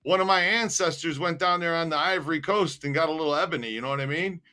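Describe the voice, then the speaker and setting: Joking man with a bright voice. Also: fairly high pitch, fast. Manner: joking, laughs often, says "man" a lot. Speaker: co-host. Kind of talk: casual live-stream chat.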